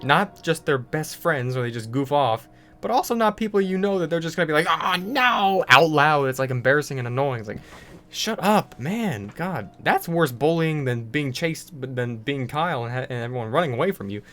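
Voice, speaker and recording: A man's voice: mid-range voice, animated, brisk, fairly bright tone, a little hiss or hum. A young man ranting casually over gameplay, full of fillers and restarts. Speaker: gaming video creator.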